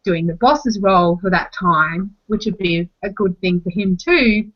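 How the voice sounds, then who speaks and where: A young Australian woman chatting casually on a podcast, talking quickly from one story to the next, with an exasperated edge and casual swearing. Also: medium pitch. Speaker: podcast co-host. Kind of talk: casual chat. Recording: slightly muffled lo-fi audio.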